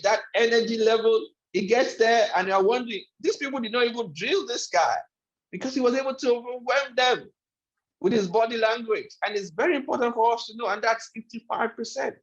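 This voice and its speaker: High-voiced man lecturing emphatically. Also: normal speed. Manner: emphatic, repeats key phrases for effect. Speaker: webinar speaker on life skills. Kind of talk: motivational lecture. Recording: echoey room, dull lo-fi sound.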